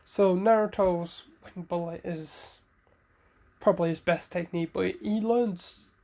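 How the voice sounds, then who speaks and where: Brief: male fan storyteller, slow-paced, casual, rambling delivery. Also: high-pitched, fairly even intonation, creaky, a little mellow. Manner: unhurried, rambling, self-correcting. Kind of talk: casual fan-fiction retelling.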